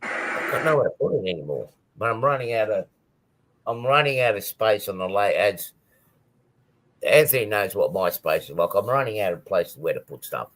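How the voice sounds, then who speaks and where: A man's voice: fairly low pitch, lively intonation, normal speed, a bit bright. A man chatting casually on a live stream about his model railway, rambling with many ums and restarts.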